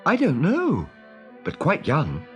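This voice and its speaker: A man's voice: fairly high pitch, wildly swooping pitch, a bit bright, soft background music, voice pushed up, heavily acted. A man reading a storybook aloud and voicing a cocky, boastful boy who crows when pleased and snaps when cross. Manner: crowing, quick to snap.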